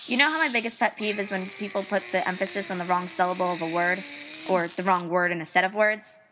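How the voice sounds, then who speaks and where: A woman's voice: medium pitch, fast, over music. A young woman, a student, narrating a personal letter in an earnest, musing, wistful way.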